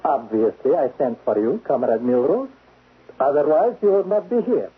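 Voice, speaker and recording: A man playing a cold, menacing foreign spy chief in a 1970s radio drama, clipped and husky. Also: on the high side, lively intonation, normal speed. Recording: dull lo-fi radio broadcast.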